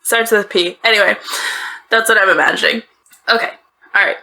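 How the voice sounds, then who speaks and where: This woman from the northeastern United States hosts a podcast from a small, closet-like bedroom, recounting a true-crime case with casual, chatty talk and laughing asides. Her mid-range voice holds a steady tone and moves a little fast, bright and forceful. A slight background noise is audible.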